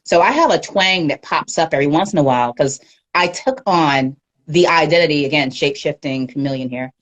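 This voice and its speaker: A woman with a deep, low-set voice gives a candid livestream interview. She talks in an animated, unguarded way and laughs often. She is heard through a phone or webcam mic. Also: a little fast. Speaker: guest media professional.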